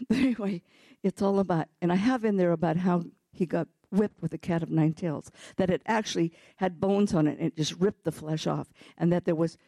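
A male pastor preaching a sermon, impassioned, swinging from loud peaks to hushed near-whispers, with loose, chatty restarts and asides. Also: sits high, dry recording.

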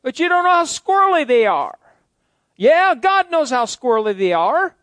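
Male pastor, middle-aged, folksy preacher, high-pitched voice, dry close mic. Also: very animated, normal speed, a bit bright, no room sound. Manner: folksy, joking asides to the congregation. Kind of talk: sermon.

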